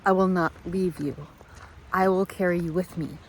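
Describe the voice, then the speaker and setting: A woman voicing a protective, guilt-ridden mother wolf in a slow, earnest, repetitive vow. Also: on the low side, steady tone, slight background noise, natural voice, low-quality recording.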